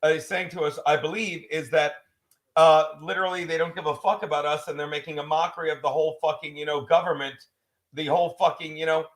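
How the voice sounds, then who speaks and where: Sarcastic man with a fairly high voice. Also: little pitch movement, fast talker. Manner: sarcastic asides, swears freely. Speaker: livestream co-host. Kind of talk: casual livestream chat, reading news aloud.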